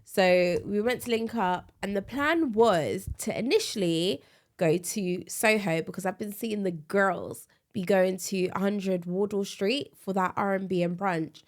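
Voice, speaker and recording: A woman co-hosting a casual podcast chat. She sounds tired and a bit bunged up with a cold, and she talks in an animated way with frequent laughs. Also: medium pitch. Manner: chatty, animated, laughs often. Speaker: podcast co-host.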